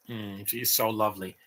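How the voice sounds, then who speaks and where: A man's voice: on the low side, fairly bright tone. A man in his late thirties giving opinionated, rambling live commentary over a movie, talking back at the screen. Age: late 30s.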